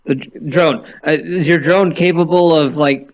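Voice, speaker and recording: A man's voice: on the high side, steady tone, moderate pace, rough recording. Stammering man playing a tabletop game. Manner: hesitant, stammering, repeats words. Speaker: player.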